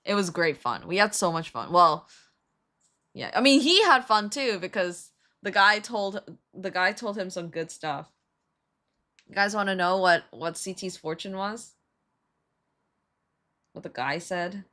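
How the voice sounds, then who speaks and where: A young woman streamer telling a story in a casual, animated way, laughing and swearing as she goes. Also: medium pitch, measured pace, pauses often. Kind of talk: casual storytelling while building a model kit.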